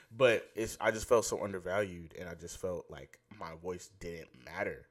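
Young man, very deep voice, excitable, rambling, casual faith podcast host. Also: normal speed, few pauses. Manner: excitable, rambling, self-interrupting.

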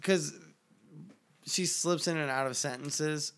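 A man's voice: on the high side, slow, clear, resonant tone. A man co-hosting a casual podcast chat, telling stories with lots of swearing and mocking quoted voices. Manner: profane, animated storytelling with mocking quoted voices. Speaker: podcast co-host.

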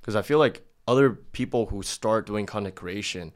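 A man co-hosting a casual talk video, chatty and loose, with lots of "like" and a flat delivery. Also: on the low side, normal speed. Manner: loose and chatty, heavy use of "like"; calls his own delivery monotone. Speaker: video co-host. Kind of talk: casual chat.

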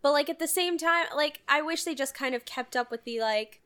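A woman co-hosting a casual movie podcast, chatting animatedly and acting out scenes in quick voices. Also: high voice, over a noisy crowd. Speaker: podcast co-host. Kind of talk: casual chat about a movie.

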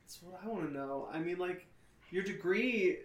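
A woman's voice: fairly low pitch, lively intonation, moderate pace, breathy edge. A woman co-hosting a podcast, chatting casually about a movie with wry, dry asides. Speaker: podcast co-host. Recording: echoey room, faint background hum.

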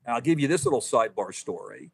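A man in his fifties, an author telling stories as a podcast guest, animated, with quick restarts and lots of "you know.". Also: mid-range voice, creaky, slightly rough. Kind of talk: casual podcast interview.

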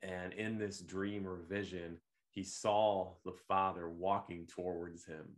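A man hosting a devotional podcast, speaking in a gentle, unhurried, reflective way with occasional fillers and restarts. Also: low-pitched, flat delivery. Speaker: podcast host leading devotional meditation.

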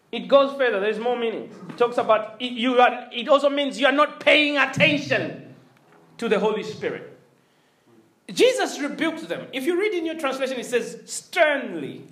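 High-voiced preacher in an echoey room. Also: male voice, lively intonation, moderate pace, fairly bright tone, far from the mic. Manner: emphatic, repeats phrases, calls for response. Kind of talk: sermon.

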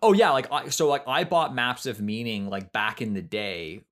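A man from Canada is chatting on a podcast, telling a story that wanders through fillers and restarts. He swears casually and keeps talking fast and loose. His voice sits in an ordinary middle pitch. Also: fairly bright tone. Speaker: podcast co-host. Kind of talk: casual chat.

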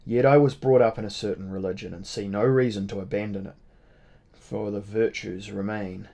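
A man's voice: lowish voice, steady tone, normal speed, gravelly, mellow. A man doing a stern, dignified Irish innkeeper. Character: proud, dignified Irish tavern keeper, big man.

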